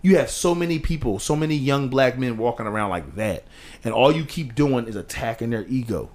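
A man co-hosting a casual podcast, talking with passion, rising in pitch to stress points and dropping low to quote others. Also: lively intonation, fairly quick, darkish tone. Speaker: podcast co-host.

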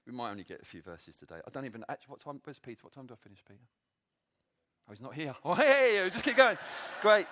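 Animated, high-pitched preacher. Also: male voice, quick pace. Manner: animated, self-deprecating, laughs often. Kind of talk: sermon. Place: church meeting.

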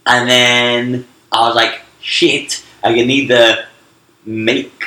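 Bright-voiced British man telling stories. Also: mid-range voice, slow pace, roomy sound, poor audio. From Britain. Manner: animated storyteller, self-mocking. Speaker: podcast co-host. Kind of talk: casual podcast chat.

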